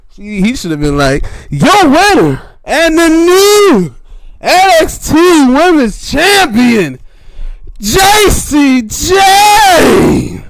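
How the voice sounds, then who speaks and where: A man giving a casual solo wrestling review, animated and swearing freely as he recounts the action. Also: mid-range voice.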